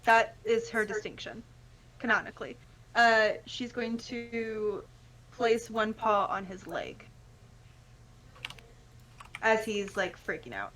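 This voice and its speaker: A woman's voice: mid-range voice, animated, slow pace, pauses often, fairly bright tone, rough recording. A woman playing a tabletop game, chatting as she thinks aloud and describes her character. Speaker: player.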